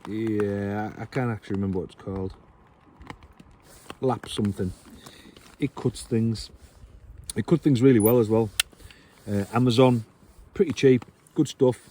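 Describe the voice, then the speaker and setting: A man's voice: lowish voice, normal speed, pauses often, warm tone, slight background noise. A man, chatting casually and self-deprecatingly with lots of ums and ers while sheltering under a tarp in rainy woods. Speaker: bushcraft vlogger. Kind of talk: casual rambling gear talk. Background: rain falling.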